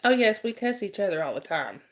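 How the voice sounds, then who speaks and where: Gravelly-voiced woman chatting playfully. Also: mid-range voice, sing-song, fairly quick, a bit bright. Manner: laughs often, teasing and playful with viewers. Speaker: live stream host chatting with viewers. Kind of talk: casual live stream chat.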